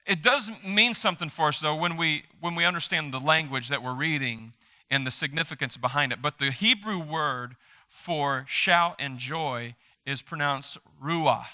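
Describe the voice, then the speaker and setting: A male pastor giving a live sermon in a church, animated and emphatic, joking with the congregation. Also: fairly high pitch, moderate pace. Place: church sanctuary during a service.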